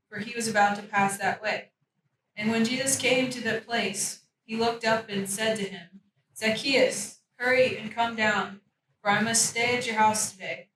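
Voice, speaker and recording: A woman in a study group reading scripture aloud at a steady pace. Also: a little high. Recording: echoey room mic from far off. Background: room ambience noise.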